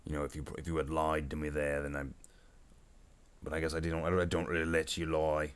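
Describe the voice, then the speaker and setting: A man's voice: extremely low pitch, monotone, brisk, clear, resonant tone. A man voicing a dim, bossy male orc warboss who blusters, gets muddled and makes threats. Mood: grumbling. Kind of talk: improvised comedy skit while painting.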